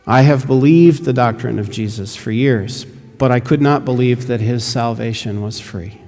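A preacher putting on a humble old pearl diver, a grieving father who speaks earnestly and pleadingly, a little raised in pitch and louder than plain talk. The voice carries a long reverb, as if in a large hall. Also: moderate pace, soft background music, natural voice.

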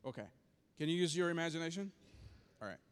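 A pastor preaching with passion, his fairly high voice rising and falling a lot. A long reverb trails his words through the hall. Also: expressive, quick pace, clean tone. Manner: impassioned storytelling, acting out voices. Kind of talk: preaching a sermon with a story.

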